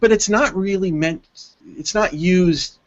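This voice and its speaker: An American man co-hosting an English lesson, speaking thoughtfully with frequent restarts. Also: high-pitched. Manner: thoughtful, halting, many restarts. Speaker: co-host, English teacher. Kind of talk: online English lesson hangout. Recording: dull web call audio.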